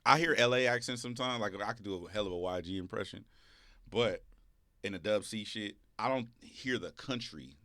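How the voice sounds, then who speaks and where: A man from Los Angeles co-hosting a podcast, telling animated stories in casual chat. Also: lowish voice, fairly quick, dry recording, studio quality. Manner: animated storyteller, laughs through stories. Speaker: co-host.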